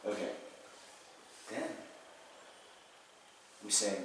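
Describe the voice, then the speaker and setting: In a meditation hall, a man teaches the Dharma in a relaxed, conversational style, peppering his talk with "right?" and self-corrections. His voice is fairly low and fairly bright, at a measured pace. The sound is echoey and noisy, recorded from a distant mic.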